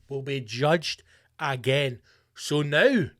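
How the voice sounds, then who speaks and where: A man's voice: a little high, a little slow, fairly bright tone. A Scottish man hosting a podcast, delivering a profane, ranting comic monologue with mock-rallying slogans. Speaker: podcast host.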